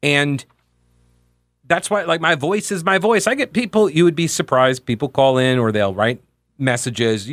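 A man in his forties hosting a talk radio show, telling anecdotes in a candid, conversational way with animated asides. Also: fairly high pitch, moderate pace, no room sound. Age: 40s. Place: radio studio. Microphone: close studio microphone.

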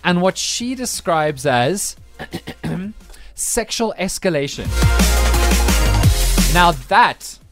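A man's voice: sits high, sing-song, drawn-out words, pauses often, over music. A man hosting a breakfast radio show, teasing and playful. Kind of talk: casual radio banter. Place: radio studio.

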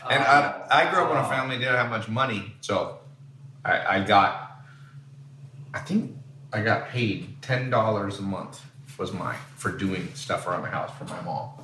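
A man's voice: mid-range voice, pushed and bright, roomy sound, distant mic, a little hiss or hum. A man from San Diego telling blunt, rambling stories as a podcast host in casual chat. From San Diego, USA.

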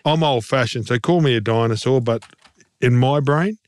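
A man's voice: mid-range voice, normal speed, smooth, no room sound. A man co-hosting a rugby league podcast, giving blunt, passionate opinions in casual chat. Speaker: podcast co-host, former rugby league player. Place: podcast studio.

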